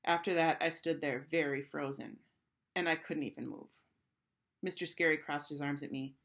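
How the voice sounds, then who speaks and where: A woman teacher reading a children's storybook aloud with expressive first-person storytelling. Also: deep voice, normal speed, vocal fry.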